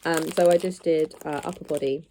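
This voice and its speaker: A woman's voice: low-pitched, fairly even intonation, fairly quick, warm tone, a little hiss or hum. A woman rambling in a casual vlog chat, stuffy-nosed from hay fever, with frequent ums and restarts. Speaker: vlogger.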